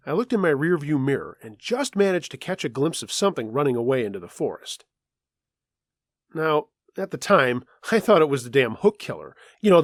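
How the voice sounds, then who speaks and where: A man narrating first-person scary road stories in a scripted storytelling style, dropping his voice low for tense moments. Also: dry recording, clean studio sound. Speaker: storyteller reading listener stories. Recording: faint music underneath.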